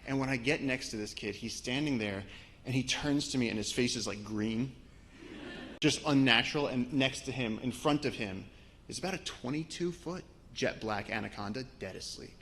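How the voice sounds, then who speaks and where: Man from brooklyn, gravelly voice, animated storyteller, mid pitch, builds up as he goes. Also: moderate pace, a little hiss or hum. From Brooklyn, New York. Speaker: expedition guide giving a talk. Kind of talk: live storytelling talk with slides.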